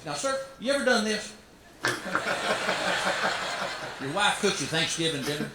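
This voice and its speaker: Animated stand-up comedian, echoey live show. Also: male voice, a little high, unhurried, pauses often, background noise. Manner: animated, punchy delivery. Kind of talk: stand-up storytelling.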